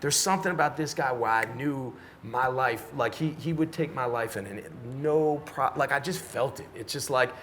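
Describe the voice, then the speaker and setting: A man's voice: mid-range voice, moderate pace, hardly any pauses, a little hiss or hum. A middle-aged man from Washington, D.C., a podcast guest telling a long story in casual, profane talk and acting out the dialogue. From Washington, D.C., USA. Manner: animated, profane storyteller who acts out dialogue.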